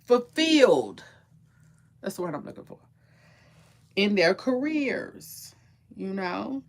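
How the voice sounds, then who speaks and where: A woman's voice: mid-range voice, very animated, takes it slowly. A young adult woman chatting casually to viewers in AAVE, opinionated and rambling, often repeating words and trailing off mid-thought. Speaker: gossip and entertainment commentator.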